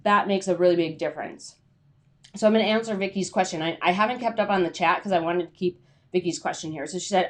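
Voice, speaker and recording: Woman freelance writer, casual livestream advice, lowish voice, rambling, lots of fillers. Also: quick pace. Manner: chatty, rambling, many "like" fillers.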